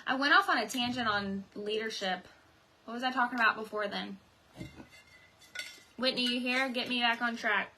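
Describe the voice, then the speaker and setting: A woman's voice: on the high side, moderate pace, pauses often, pushed and bright, a little hiss or hum. A woman, rambling and chatting directly to viewers in a motivational live stream from home. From North Carolina. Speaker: direct sales team leader.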